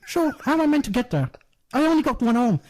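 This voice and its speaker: A young man doing a one-armed Irish rebel with a put-on Irish accent, shouting his lines in a loud, declamatory way. The voice sits noticeably higher than his own and swings widely in pitch. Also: sing-song, fast talker. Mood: indignant.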